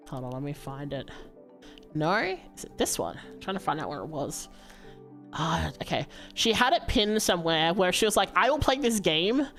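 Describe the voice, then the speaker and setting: A woman with a low voice rambling casually to her viewers during a livestream, with fillers and laughs. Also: fairly bright tone. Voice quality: low-pitched voice.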